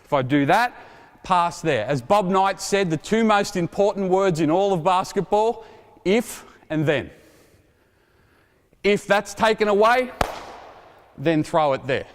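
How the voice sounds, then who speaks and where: A man in his forties runs a basketball drill, energetic and quick with a joke as he calls instructions to players. His voice sits a little high. It rings with the long reverb of an indoor court, with balls bouncing behind him. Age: 40s. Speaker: basketball coach. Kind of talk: coaching clinic demonstration. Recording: reverberant gym hall.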